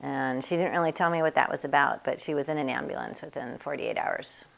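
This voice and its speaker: A woman's voice: rumbling low, brisk, gravelly. A woman who works on horses and teaches students, telling casual stories in a chatty way and laughing often. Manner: chatty, acts out other people's voices in quotes, laughs often. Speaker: equine bodywork practitioner and teacher. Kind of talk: casual anecdotal storytelling.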